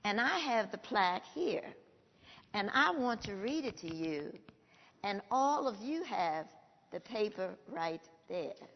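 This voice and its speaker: An older woman with a gravelly voice, telling a personal story to an audience slowly and emphatically. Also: medium pitch, expressive. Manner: slow, emphatic, emotional storytelling. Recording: dull lo-fi sound with long hall reverb.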